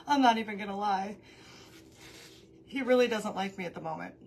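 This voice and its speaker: This woman runs a casual craft live stream from home, her dog nearby, often pausing to greet viewers by name while rambling and laughing easily. She speaks at normal speed in a mid-range voice, with a little hiss or hum in the recording.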